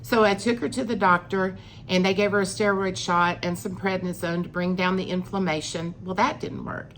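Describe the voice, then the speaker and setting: A woman's voice: fairly low pitch, fairly even intonation, moderate pace, a bit bright, slight background noise. A middle-aged woman, telling a personal story in a chatty vlog, acting out what people said. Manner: chatty, acts out quoted lines with rising emphasis. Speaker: vlogger.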